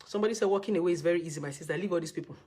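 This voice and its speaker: A woman's voice: lowish voice, racing, dark tone, breathy edge. A woman giving blunt relationship advice, repeating her points and scolding her listeners. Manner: repetitive, scolding, drills points by repeating words. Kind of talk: emphatic advice talk.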